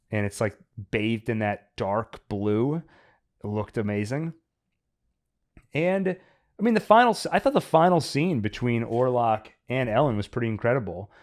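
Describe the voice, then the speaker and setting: A man hosting a podcast, chatting casually and analytically about a film as he thinks aloud. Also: medium pitch. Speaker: podcast host. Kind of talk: casual chat, film review.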